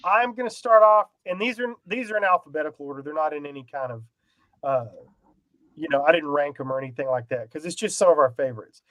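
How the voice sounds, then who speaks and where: High-voiced rambling host. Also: male voice, quick pace, a bit bright, no room sound, low-quality recording. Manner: rambling, self-deprecating, laughs often. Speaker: podcast co-host. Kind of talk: casual chat.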